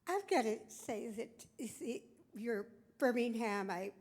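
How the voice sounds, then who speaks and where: A woman in a museum audience making a halting, reminiscing remark during a live Q&A. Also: on the high side, lively intonation, darkish tone. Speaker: audience member asking a question. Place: museum lecture hall audience.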